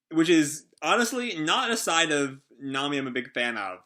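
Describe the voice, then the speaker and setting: A man's voice: a little high, big pitch swings, moderate pace, pushed and bright. A man who hosts a casual comic reaction, talking in a rambling, hesitant way with many fillers. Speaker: host.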